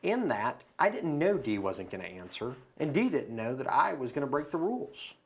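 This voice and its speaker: A man's voice: medium pitch, big pitch swings, moderate pace. A man as a podcast guest, talking through philosophy and telling a story in a casual conversation, recorded in a studio.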